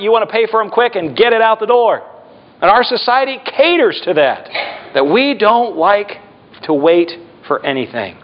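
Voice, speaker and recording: A middle-aged male pastor preaching a sermon, slowing down and dropping his voice for emphasis. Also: high voice, creaky. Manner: preaching with emphatic slowdowns and dramatic drops in volume. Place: church. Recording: dull lo-fi church recording.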